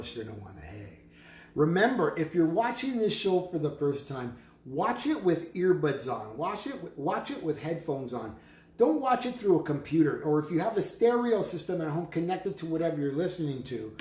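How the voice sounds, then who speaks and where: A man making drums, talking slowly with prayerful, emphatic declarations and chanted words as he presents his drums in his studio. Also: a little high, a little mellow. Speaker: drum maker selling drums on a live stream. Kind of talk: live sales stream with spiritual talk. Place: studio full of drums and rattles. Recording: roomy studio with faint noise.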